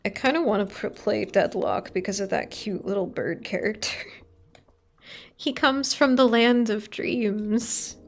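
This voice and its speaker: A woman's voice: medium pitch, unhurried, vocal fry. A woman streamer in casual, rambling chat while crafting on stream, swearing now and then and poking fun at herself. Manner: rambling, sweary, self-mocking.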